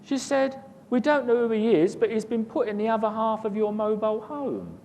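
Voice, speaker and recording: High-voiced man telling a long story. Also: animated, moderate pace, darkish tone, lo-fi sound. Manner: rambling, repeats words, chuckles. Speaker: guest recounting an experience. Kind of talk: casual storytelling. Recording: long reverb, faint rumble.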